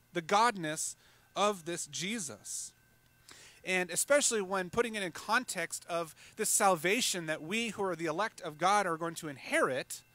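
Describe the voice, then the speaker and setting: A male pastor preaching a sermon in a conversational way, with fillers and quick asides. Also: a little high, bright, forceful tone, no room sound.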